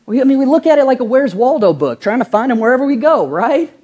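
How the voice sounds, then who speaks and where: A woman pastor delivers a lively sermon, full of rhetorical questions and slowed, stressed words. Her voice is dark and mellow with a husky edge. She slips into everyday voices when quoting people. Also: sits high, muffled recording. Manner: animated preaching, rhetorical questions, stretching key words; acts out quoted voices in an everyday tone.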